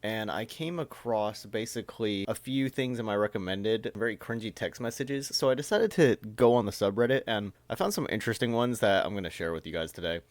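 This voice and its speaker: A man's voice: on the low side, brisk, few pauses, dry recording. A man reading texts aloud and commenting on them in a casual, amused reaction video.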